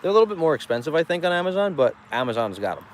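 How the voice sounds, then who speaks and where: A rambling, joking male farmer talking casually to his livestream viewers from a roadside stand. He laughs often and wanders from thought to thought. Passing traffic is clearly heard in the outdoor recording. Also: on the high side, sing-song, racing. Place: outdoors beside a busy road.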